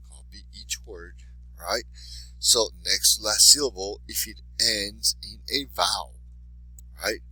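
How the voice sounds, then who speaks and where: A man teaching a Spanish class to students, giving encouraging instructions and saying each example word twice, slowly and with clear stress. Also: lowish voice, pushed and bright, no room sound, poor audio. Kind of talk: recorded class lesson for students.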